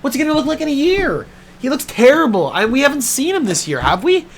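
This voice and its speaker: A man's voice: extremely high pitch, very animated, quick pace, slight background noise. A man giving casual sports betting talk in a blunt, profane, exasperated way, tired and yawning from a sore throat.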